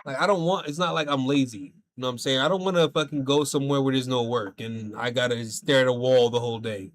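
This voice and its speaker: A man's voice: medium pitch, fast. A man streaming a game, telling a rambling story in casual chat, swearing a lot and saying "bro" and "like" every few words.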